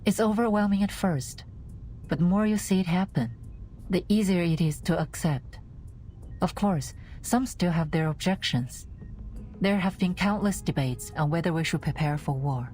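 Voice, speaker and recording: A woman voicing a cool, formal administrator in a game, speaking in a calm, businesslike way. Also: fairly low pitch, normal speed, faint music behind, natural voice. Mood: serious. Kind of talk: game voice acting.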